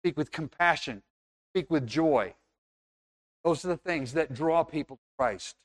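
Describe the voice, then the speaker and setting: Man, preacher, sermon, earnest, conversational, acts out scenes, slightly high voice. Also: a little slow.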